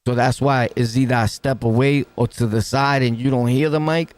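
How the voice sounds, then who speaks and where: A man's voice: medium pitch, fairly even intonation, moderate pace, darkish tone, no room sound. A man with a New York accent reacting to clips in casual commentary, full of street slang and laughing asides, talking right up on the mic. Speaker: reaction streamer. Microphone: close to the mic.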